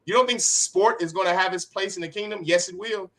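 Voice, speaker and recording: Male preacher leading a class, fairly high bright tense voice, fiery and rhetorical. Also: brisk. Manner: impassioned, rhetorical, sharp swings in loudness. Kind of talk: street-preacher sermon.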